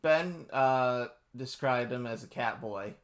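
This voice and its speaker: A man's voice: mid-range voice, slow pace, smooth. Man running a tabletop game. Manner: casual, describing scenes with asides. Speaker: game master.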